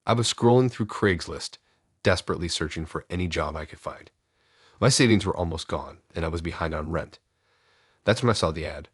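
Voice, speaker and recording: A man narrating first-person horror stories in a steady, hushed, scripted delivery. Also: a bass voice, breathy edge, no room sound, studio quality.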